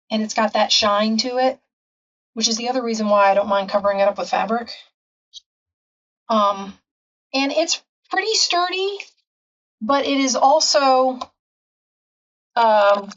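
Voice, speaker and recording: A woman's voice: on the high side, far from the mic, dull audio. A woman hosting a casual craft tutorial, chatting and rambling with frequent ums in her home craft room. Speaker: craft channel host.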